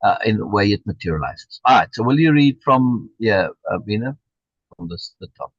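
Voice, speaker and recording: A man hosting a live online book reading, coaching and interjecting in an animated way. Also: fairly low pitch, normal speed, husky, no room sound, highs cut off. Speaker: host leading a book reading.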